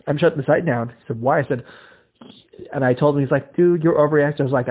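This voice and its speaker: A man's voice: fairly high pitch, quick pace, slightly rough. A male podcast host from Iowa, telling stories in casual chat, acting out the voices in them and swearing freely. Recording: tinny phone-like lo-fi audio.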